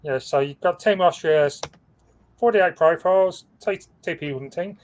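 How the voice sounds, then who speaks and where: Guy on a video call going through team scores, kinda high voice, trips over names. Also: moderate pace. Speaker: co-host reading team standings. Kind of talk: casual livestream chat.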